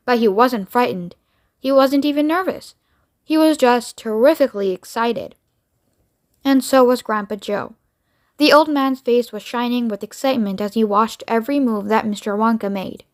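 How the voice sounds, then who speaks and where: A woman reads a children's storybook aloud in a steady narrating voice. Her tone sits fairly high but calm, keeping an even pace through the story. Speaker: reader.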